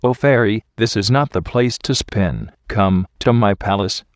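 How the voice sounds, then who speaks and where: A man's voice: on the low side, unhurried, no room sound, studio quality, close to an everyday voice. A man voicing a courtly young king in a storybook reading.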